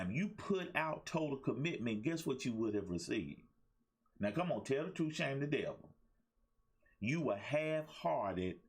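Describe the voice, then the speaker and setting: Male motivational host, husky, sermon-like repetition, lively pitch. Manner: preachy, repetitive, call-and-response asides. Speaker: life coach and talk show host. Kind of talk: motivational livestream talk.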